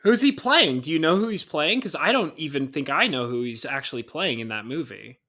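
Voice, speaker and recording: A man co-hosting a podcast in casual chat, excitable and rambling, often laughing. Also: on the high side, brisk. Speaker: podcast co-host.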